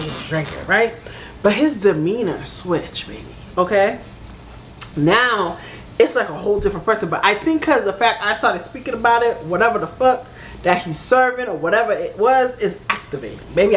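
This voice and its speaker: A young woman tells a personal story straight to camera, her pitch leaping high and swooping low as she acts out each side of a quarrel. She talks loosely and profanely, with "baby" and "right?" sprinkled through, and a faint hum of noise sits behind her. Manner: animated, swears freely, keeps saying "baby" and "right?", acts out both sides of a fight. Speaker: storytime vlogger. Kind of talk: casual storytime monologue.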